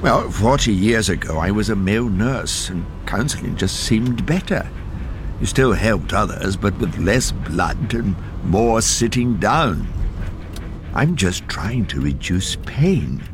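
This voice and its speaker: A man in his sixties playing a dry, deadpan counsellor who also chats softly to his dog. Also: lowish voice, slow, noisy background. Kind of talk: scripted comedy dialogue.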